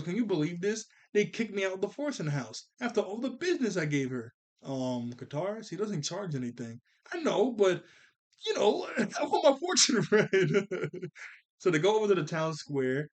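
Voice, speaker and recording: A young man talks through a cartoon episode in a loose, chatty way. He slips into quoted lines of the characters and laughs along as he goes. His voice sits a little higher than most men's. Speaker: cartoon reviewer. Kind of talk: casual episode recap.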